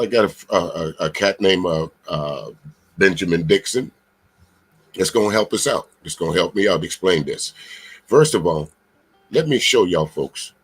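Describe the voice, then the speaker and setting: Husky, emphatic male commentary host. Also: sits low, poor audio. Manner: animated, emphatic, profane, talks straight to viewers. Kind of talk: live-streamed political commentary.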